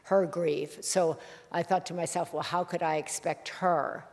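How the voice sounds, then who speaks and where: A woman hosting a heartfelt conversation, speaking softly and reflectively, pausing often with fillers as she thinks. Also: on the low side, steady tone, in a large hall. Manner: soft-spoken, reflective, pauses with fillers. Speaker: host.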